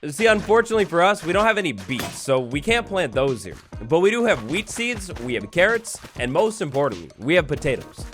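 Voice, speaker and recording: Lively young man narrating a game. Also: fairly high pitch, brisk, hardly any pauses, soft background music. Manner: energetic, jokey, dramatic outbursts. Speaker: gaming YouTuber. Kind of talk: Minecraft let's-play commentary.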